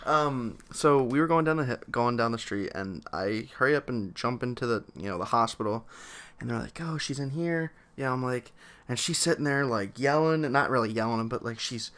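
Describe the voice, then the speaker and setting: Excitable young man telling a story. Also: medium pitch, normal speed, clear, resonant tone. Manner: excitable, laughing, many fillers. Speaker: co-host telling a birth story. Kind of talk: casual storytime chat.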